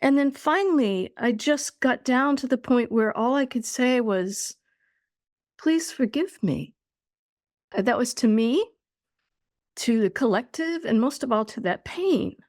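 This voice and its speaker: A woman speaks slowly and earnestly in a fairly high voice, recounting a deeply personal spiritual experience as a podcast guest. Her delivery is deliberate and heartfelt. The sound is close and dry. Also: a little mellow, no room sound. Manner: slow, earnest, deliberate storytelling.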